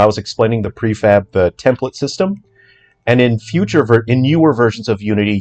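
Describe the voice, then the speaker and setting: A man, an indie game developer, talking through his code in a casual walkthrough, chatty and joking with quick asides. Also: fairly low pitch, darkish tone. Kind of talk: casual livestream coding walkthrough.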